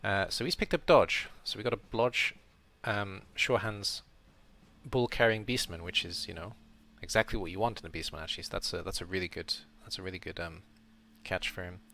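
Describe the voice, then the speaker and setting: A man's voice: deep voice, fairly quick, sharp tone, a little hiss or hum. A man streaming a casual round-up of his game league as host, rambling and correcting himself as he thinks aloud.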